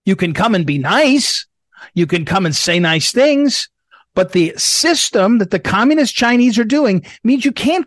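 A man's voice: very animated, measured pace, a bit bright, dry recording. A middle-aged man hosting a political talk show, speaking emphatically and repeating himself for stress. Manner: emphatic, repetitive, drops low when reading promos. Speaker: radio show host.

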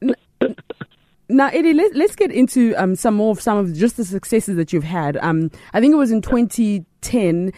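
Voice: mid-range voice, expressive, normal speed, warm tone, no echo, studio quality. An interview host talking in a chatty, agreeable way and laughing along. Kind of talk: casual interview.

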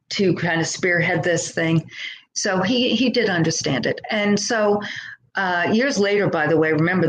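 A woman's voice: on the low side, slight background noise, low-quality recording. A middle-aged woman, a podcast guest, tells her life story earnestly and thoughtfully, sometimes acting out the voices of people she quotes. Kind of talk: conversational storytelling.

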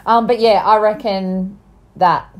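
Bubbly young mum, rambling chatty co-host, laughs a lot, slight cough. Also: female voice, mid-range voice, fairly even intonation, takes it slowly, a little mellow. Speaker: podcast co-host. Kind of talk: casual chat.

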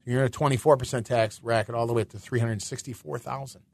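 A middle-aged man hosting a finance radio show, explaining in a chatty way with rhetorical questions and quick restarts. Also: medium pitch, steady tone, creaky, darkish tone, no room sound.

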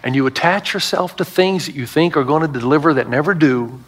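A man's voice: on the high side, fairly quick. A middle-aged male pastor preaching a sermon to a congregation, telling stories with emphatic asides.

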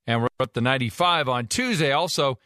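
A man giving a radio weather forecast, quick and relaxed, with a few fillers. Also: medium pitch, no echo, clean studio sound.

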